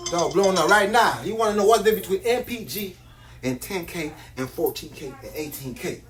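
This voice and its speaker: A man's voice: high voice, lively intonation, fairly quick, soft background music. Boastful man hyping on a live stream. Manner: boastful, slangy, repetitive hype. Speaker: live-stream jewelry seller. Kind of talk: casual live-stream hype talk.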